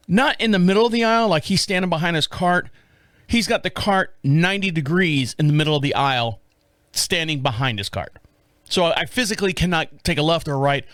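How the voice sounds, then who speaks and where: A man's voice: a little high, fairly bright tone, no room sound, clean studio sound. A middle-aged man hosting a show, telling a story in a rambling, casual way and often correcting himself with chuckling asides. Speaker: podcast host.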